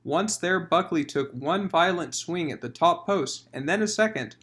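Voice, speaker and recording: Man narrator, high voice, dramatic comic audiobook reading. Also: lively intonation, moderate pace, fairly bright tone.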